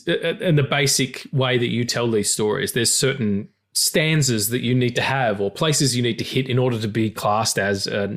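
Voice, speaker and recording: A man co-hosting a film podcast in casual chat, animated, swearing often and laughing loudly. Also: medium pitch. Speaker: podcast co-host.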